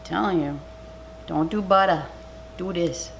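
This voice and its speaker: A middle-aged woman with a Canadian accent, chatting excitedly through a cooking video at home and sometimes dropping to a whisper. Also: lowish voice, measured pace, vocal fry. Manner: chatty and excitable, drops to a whisper over food. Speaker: cooking channel host. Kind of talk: casual cooking vlog chat. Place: home kitchen. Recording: noisy home recording.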